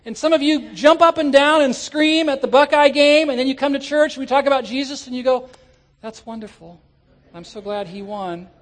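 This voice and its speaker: A man preaching a sermon to his congregation, animated and rising at times to shouts. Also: very high voice, brisk, hardly any pauses. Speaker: pastor. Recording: church sermon audio.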